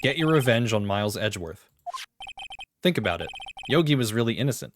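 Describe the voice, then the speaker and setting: A streamer voicing a composed, haunted young male prosecutor in a measured, grave way, with game music behind. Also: medium pitch, sing-song, background noise, natural voice.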